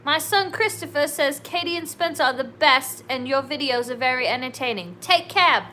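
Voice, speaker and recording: A woman's voice: sits high, expressive, normal speed, pushed and bright, a little hiss or hum, pitched above the performer's own voice. A woman putting on a mock Australian accent. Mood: playful. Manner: playful, exaggerated, sing-song.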